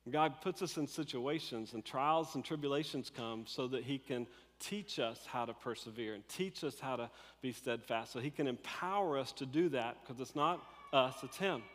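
A man preaching a sermon, telling a Bible story in an animated, conversational way and acting out the characters. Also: mid-range voice, measured pace, big-room sound. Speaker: pastor.

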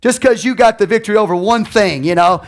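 A man preaching from the pulpit with a somewhat high voice. He drops to a hush for confessions, then climbs into shouted lines, laughing now and then as he talks to his church. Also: fast. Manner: laughs often, talks to the congregation. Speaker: pastor. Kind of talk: sermon.

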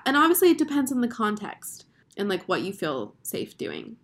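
A woman's voice: on the high side, wildly swooping pitch, moderate pace, fairly bright tone. A young woman in her twenties hosting an advice show, talking casually and earnestly, with lots of fillers. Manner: chatty, filler-heavy, earnest. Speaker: advice podcast host.

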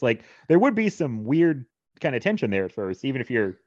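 A man's voice: medium pitch, sing-song, fairly quick, darkish tone, dry recording. A man in casual film discussion, talking in a rambling, enthusiastic way and laughing often. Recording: dull lo-fi sound.

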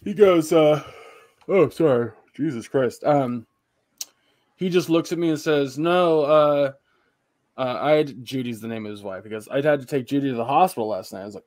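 A man's voice: mid-range voice, moderate pace, darkish tone, no echo, studio quality. A young man and podcast co-host, casually telling long, profane, rambling stories about work and home. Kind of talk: casual chat.

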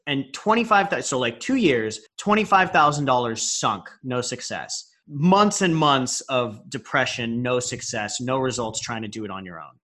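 A man's voice: medium pitch, lively intonation, moderate pace, hardly any pauses, bright, forceful tone. A man hosting a coaching podcast interview, talking candidly and encouragingly, with casual swearing. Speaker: business coach and podcast host.

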